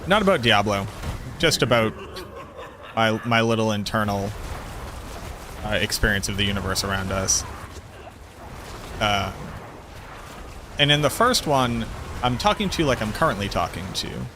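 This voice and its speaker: A man's voice: lowish voice, lively intonation, normal speed, pauses often, noisy background. A man streaming a game, chatting casually in a rambling, talkative way and correcting himself mid-sentence. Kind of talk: casual chat while gaming.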